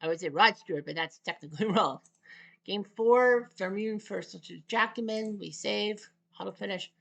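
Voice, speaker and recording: A woman giving casual, rambling gameplay commentary, packed with asides and the odd shouted taunt. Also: medium pitch, normal speed, creaky. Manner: chatty, rambling asides full of trivia.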